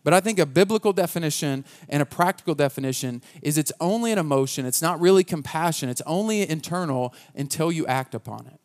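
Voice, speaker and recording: A man's voice: a little high, fast, hardly any pauses. A man preaching a conversational sermon as pastor, earnest and casual, often restarting his sentences.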